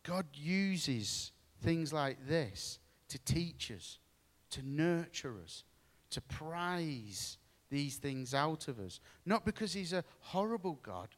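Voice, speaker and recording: A man preaching a sermon, earnest and deliberate, mixing Bible reading with storytelling. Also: on the high side, sing-song, big-room sound. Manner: earnest, slow and pausing, with storytelling asides.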